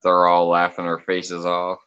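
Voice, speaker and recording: A man's voice: deep voice, monotone, measured pace, a bit bright, clean tone, lo-fi sound. A man hosting a casual late-night livestream chat, reading comments aloud, laughing often and swearing freely. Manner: loose, joking, swears freely. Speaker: livestream host.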